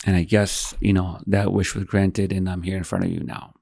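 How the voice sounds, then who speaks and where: A man in his thirties with a low voice, telling an emotional story with animated energy and acting out every line of dialogue. He swears freely and the recording is dry and close. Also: moderate pace, gravelly, no echo. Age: 30s. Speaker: podcast guest.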